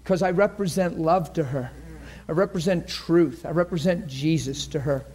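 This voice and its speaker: A man's voice: on the high side, moderate pace, darkish tone. A man preaching a sermon to a congregation, telling a story in an earnest, conversational way and acting out the voices of the people in it. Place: church in front of a congregation.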